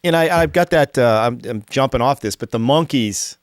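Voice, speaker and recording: A man co-hosting a casual podcast chat, talking in halting starts and restarts. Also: medium pitch, no room sound, studio quality.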